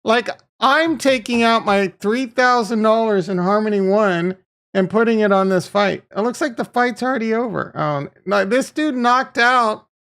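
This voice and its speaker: Man, crypto livestream host, gravelly voice, loose profane rambling, chatting with viewers. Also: high-pitched, fairly bright tone. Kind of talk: casual livestream chat reading viewer comments.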